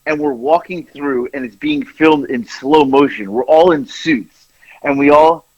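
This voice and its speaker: Male podcast co-host, higher voice, very expressive, laughs easily, radio-like sound. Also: unhurried, creaky, lo-fi sound. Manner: animated, laughs often, acts out quoted lines. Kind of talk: casual storytelling chat.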